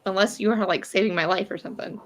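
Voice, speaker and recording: Woman, mid-pitched voice, relaxed agreeable chatter. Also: quick pace, rough recording. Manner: easygoing, agreeable, frequent affirmations. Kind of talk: casual chat.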